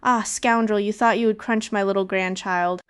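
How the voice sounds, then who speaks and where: Fierce old grandmother for a storybook reading, read by a woman; scolding and smooth-voiced. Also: medium pitch, steady tone, moderate pace, a bit bright, close to an everyday voice.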